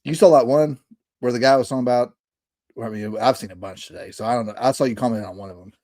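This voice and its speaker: A man in his thirties co-hosting a casual podcast over a remote call, rambling with fillers and quick bursts. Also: mid-range voice, warm tone. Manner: rambling, many fillers and restarts, bursts of speed. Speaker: podcast co-host. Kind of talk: casual chat.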